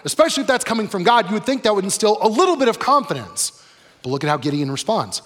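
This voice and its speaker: A man with a somewhat high, husky voice preaches a sermon in an easy, conversational manner. He keeps putting questions to his listeners. His voice carries a long reverb, as in a big hall. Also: big pitch swings, fast, fairly bright tone. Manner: conversational, asks the audience questions. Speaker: pastor.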